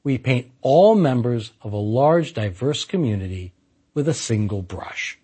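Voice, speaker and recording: A man's voice: medium pitch, expressive, unhurried, mellow, slightly rough. A man giving a scripted philosophy lecture in an emphatic way with dry humor.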